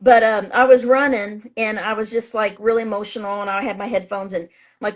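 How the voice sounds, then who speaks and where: A woman's voice: mid-range voice, fairly even intonation, a little fast. A woman astrologer and author being interviewed, talking in a chatty, emphatic way with plenty of fillers and restarts. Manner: acts out her own past thoughts in a raised voice. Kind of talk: casual interview talk.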